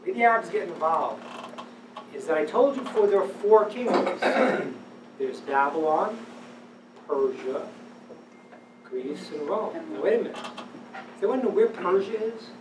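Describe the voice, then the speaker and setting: A man teaching as a rabbi, giving a lecture on religious texts to a live audience. He speaks with animated emphasis, dropping to hushed tones and then rising to loud declarations. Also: high-pitched, measured pace, long pauses, background noise. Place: event hall with audience. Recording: roomy, distant live-event recording.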